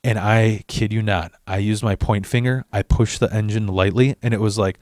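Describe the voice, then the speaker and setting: A man's voice: fairly low pitch, steady tone, moderate pace, darkish tone, no room sound, studio quality. A man hosting his channel, telling a long comic story in a rambling way with constant swearing. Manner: profane, rambling, restarts. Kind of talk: comedic storytelling vlog.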